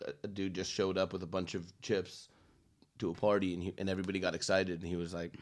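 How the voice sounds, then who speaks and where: A man's voice: low voice, level tone, fast talker. A man telling rambling jokes as a guest in a casual comedy chat. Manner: rambling, joking storyteller. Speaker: podcast guest.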